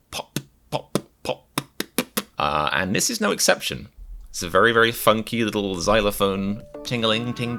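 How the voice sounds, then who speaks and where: A man's voice: on the low side, fairly bright tone. A man hosting a comedic reaction video in a rambling, self-mocking way, with a mixed accent that is hard to place. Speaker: reaction channel host.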